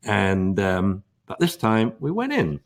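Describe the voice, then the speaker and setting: An older man talks dog training on a live webinar. His pitch swings widely as he tells stories, acting out what he and others said. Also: slow pace. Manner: animated storytelling, acts out quotes.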